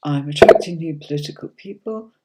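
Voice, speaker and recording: A woman's voice: sits low, fairly quick, very noisy. Chatty woman tarot reader. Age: middle-aged. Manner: chatty, calls viewers darling and sweetie; reads out viewer comments and answers them by name. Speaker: tarot reader hosting a livestream. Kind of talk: casual livestream tarot reading.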